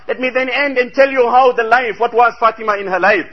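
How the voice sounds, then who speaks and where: A man's voice: extremely high pitch, brisk, highs cut off. A man preaching a sermon, telling a story with emphatic, rhetorical exclamations.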